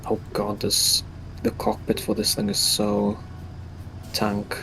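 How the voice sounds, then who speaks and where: Gravelly man co-playing a game, relaxed. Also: on the low side, slow, slight background noise, low-quality recording. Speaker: co-streamer. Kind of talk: casual game-stream chat.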